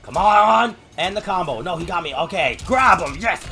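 A man streaming a fighting game, cursing at his opponent and calling out his button inputs in quick bursts. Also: sits high, animated, soft background music. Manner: profane, yelling at the opponent. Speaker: gamer streamer. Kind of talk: live gameplay commentary.

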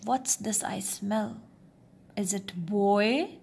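A woman voicing a huge, greedy, man-eating giant in a storybook reading, with a slow, threatening delivery. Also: medium pitch, creaky, a little mellow, slight background noise. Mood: menacing.

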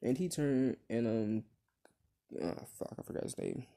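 A man's voice: mid-range voice, expressive, measured pace, mellow. A man casually retelling his own fan story, rambling with many fillers and restarts, and swearing when he slips.

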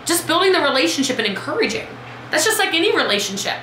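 Bright, high-voiced woman coaching live. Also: quick pace, roomy sound, slight background noise, rough recording. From Texas. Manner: lively, chatty, calls out viewers by name. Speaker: business coach. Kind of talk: live video coaching talk.

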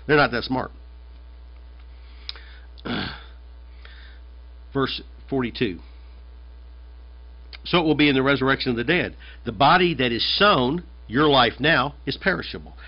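A pastor from the United States delivers a conversational but emphatic sermon, often doubling back to repeat a phrase for weight. His voice sits fairly high. The recording is dull and lo-fi.

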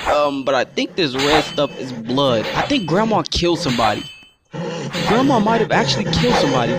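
Excitable young-sounding gamer guy, fairly high voice. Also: heavy background noise. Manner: excitable, calls himself "your boy", keeps addressing viewers as guys. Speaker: gaming YouTuber. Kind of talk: let's play commentary.

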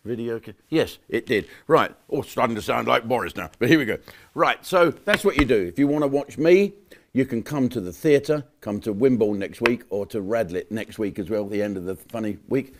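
A middle-aged man doing a brash, mocking comic monologue, swinging from loud jokes to muttered asides. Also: medium pitch, fairly quick, a little hiss or hum. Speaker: comedian hosting his own channel.

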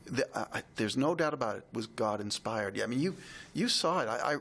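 A man co-hosting a podcast, telling a heartfelt personal story in a reflective, halting way. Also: mid-range voice, lively intonation, a bit bright. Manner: reflective, halting, emotional retelling.

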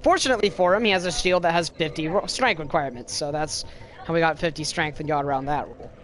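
A man in casual gaming chat with a monotone voice, explaining game rules with many restarts. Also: on the high side, fast talker, slight background noise. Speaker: gamer.

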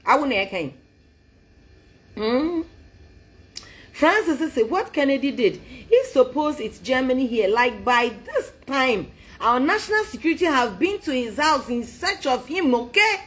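Woman, higher voice, very animated delivery; taunting political rant, code-switching, mocking laughter. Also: measured pace. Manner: taunting, sing-song mockery with laughs; mixes English with a local language. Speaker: political commentator.

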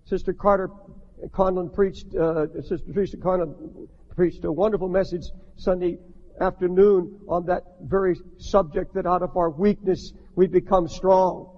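An older man preaching a sermon as a pastor, impassioned, rising to shouts, with many restarts. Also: high-pitched, fairly even intonation, normal speed. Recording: dull archival recording in a long-echo hall.

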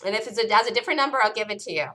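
A woman hosting a live day-trading room, calling out entries and stops in an urgent, rapid-fire way, her voice worn and close to giving out. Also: a little high, sharp tone. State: losing her voice. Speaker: day-trading show host.

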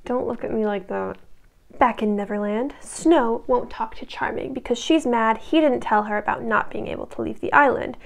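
Young woman, recap host, casual and sarcastic, somewhat high voice, gravelly fry. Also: normal speed. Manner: chatty and sarcastic, joking asides to the viewer.

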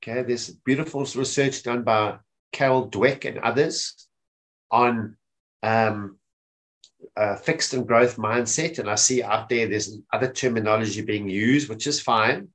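A South African man hosts a casual webinar on mental health through a webinar microphone, regularly asking his listeners "okay?" to check in. His voice is mid-range and a bit bright, and he speaks at a measured pace.

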